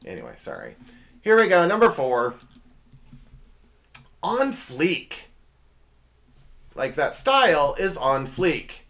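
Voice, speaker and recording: A male podcast host who rolls through a comic monologue in a casual, rambling way. His pitch swings widely as he jokes, dropping sarcastic asides and correcting himself as he goes. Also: wildly swooping pitch, moderate pace, gravelly, a bit bright.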